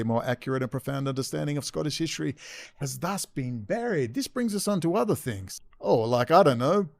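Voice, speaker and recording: A man's voice: medium pitch, no room sound. A man hosting a commentary video, reading texts aloud with sarcastic asides. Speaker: video host.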